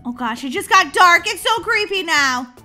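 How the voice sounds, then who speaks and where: A woman hosting a gaming channel, giving excitable let's-play commentary, giggling and shrieking when chased. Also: very high voice, moderate pace, faint music behind.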